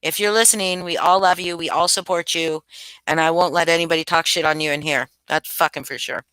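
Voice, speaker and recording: A woman's voice: fairly low pitch, fairly even intonation, brisk, a bit bright, clean tone, no echo, poor audio. A middle-aged woman from the United States hosting a casual livestream, chatting loosely and answering her chat with many restarts. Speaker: livestream host.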